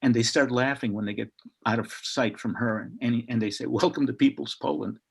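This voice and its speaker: An older man from Chicago, a historian guest on a video call, telling a story in a lively way and acting out the people he quotes. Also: medium pitch, fairly quick, husky. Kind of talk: animated storytelling.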